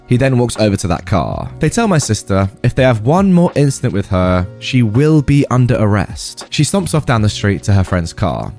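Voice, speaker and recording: A man narrates online stories and breaks off for chatty, wry asides. His pitch sits mid-range but moves a great deal, which gives his delivery a lively, animated swing. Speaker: YouTube story narrator. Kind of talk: reading online stories with commentary.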